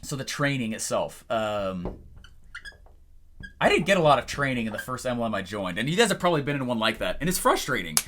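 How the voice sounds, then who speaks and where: A young male business coach with a bright, ringing voice. He tells stories with a lot of energy and acts out the phone calls as he goes. His pitch swings widely up and down. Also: a little fast, slight background noise. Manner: animated storyteller who acts out phone calls. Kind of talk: energetic talking-head lesson.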